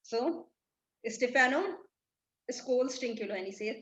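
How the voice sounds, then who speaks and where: A woman teacher explains a play line by line, restating each phrase in plain words. Her voice sits high. She is recorded in an echoey room. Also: unhurried, fairly bright tone, dull audio. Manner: paraphrasing, repetitive, explanatory. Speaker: English literature teacher.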